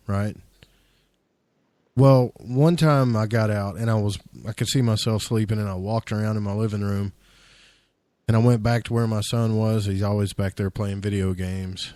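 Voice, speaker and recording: A man's voice: fairly low pitch, a little mellow, no echo. A man hosting a radio talk show, chatty and telling his own story, often asking "right?". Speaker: radio host. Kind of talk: casual radio interview.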